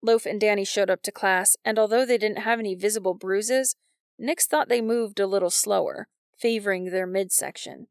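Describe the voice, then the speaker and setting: Gravelly woman narrating a novel. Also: mid-range voice, moderate pace, no echo, studio quality. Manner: wry, even storytelling. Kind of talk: scripted audiobook narration.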